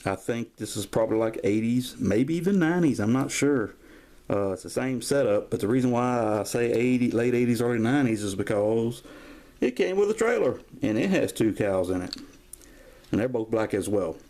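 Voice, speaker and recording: A man's voice: mid-range voice, animated, normal speed, dark tone. Folksy man in his fifties. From Georgia, US. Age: 50s. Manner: rambling, folksy, drifts into stories. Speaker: toy collector vlogger. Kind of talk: casual show-and-tell collection vlog. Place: at home, filming toys on camera. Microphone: camera mic.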